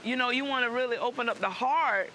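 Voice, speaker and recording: A woman's voice: a little high, brisk, bright, forceful tone, a little hiss or hum. A middle-aged woman speaking earnestly and emotionally to her adult son, repeating phrases the way a preacher does. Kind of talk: heartfelt conversation.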